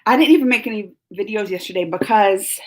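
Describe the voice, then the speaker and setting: A woman's voice: medium pitch, brisk, a little mellow. A woman hosting a casual live stream who laughs often and greets her chat by name. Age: adult, mother of school-age kids. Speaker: livestream host.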